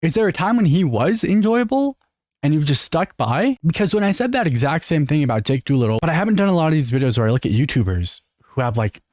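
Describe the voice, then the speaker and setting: A man's voice: on the high side, very animated, fast, darkish tone, no room sound, studio quality. An American man giving earnest, opinionated reaction commentary, talking straight to his viewers. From United States. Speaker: commentary youtuber.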